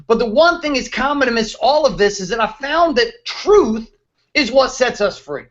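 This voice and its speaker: A man's voice: extremely high pitch, lively intonation, normal speed, fairly bright tone, lo-fi sound. A man in his thirties hosting a show, ranting bluntly and emphatically with plenty of profanity. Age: 30s. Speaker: host, motivational speaker. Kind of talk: fired-up motivational rant.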